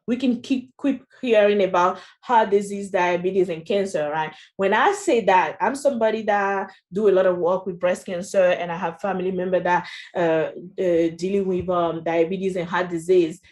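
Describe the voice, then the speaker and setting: A woman's voice: on the low side, steady tone, normal speed, darkish tone. A woman with a French accent presenting a training session in a chatty way, often adding "you know" and "right?". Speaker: workshop presenter.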